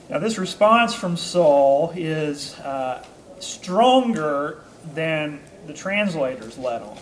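A man's voice: on the high side, expressive, slow pace, a little hiss or hum. Chuckling man teaching a Bible class. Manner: reads a passage, then explains it conversationally with chuckles; casual, with frequent ums and uhs. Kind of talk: informal scripture teaching to a small group.

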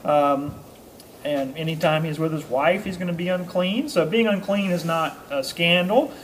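A man leads an informal Bible study, reading scripture aloud and then unpacking it in a relaxed, chuckling way. His voice sits a bit high for a man and is full of ums and uhs, with a faint hiss under it. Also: normal speed. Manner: reads a passage, then explains it conversationally with chuckles; casual, with frequent ums and uhs. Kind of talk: informal scripture teaching to a small group.

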